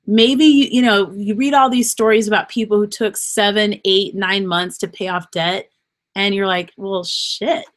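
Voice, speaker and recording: A woman's voice: mid-range voice, steady tone, measured pace. A woman hosting her own show, talking off the cuff in an earnest, rambling, encouraging way, emotional and close to tears. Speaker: podcast host. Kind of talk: unscripted motivational monologue.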